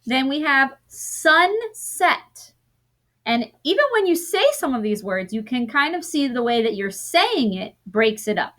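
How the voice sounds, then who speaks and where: A woman teaching a recorded lesson to young students, sounding out word parts slowly and often correcting herself as she goes. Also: medium pitch.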